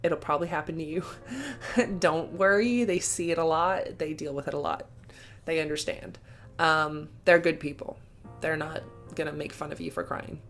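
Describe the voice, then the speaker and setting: Gushing young woman with a lowish voice. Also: fairly even intonation, normal speed, fairly bright tone, soft background music. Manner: gushing and emotional, with filler words and laughs. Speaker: vlogger. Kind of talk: casual storytelling vlog.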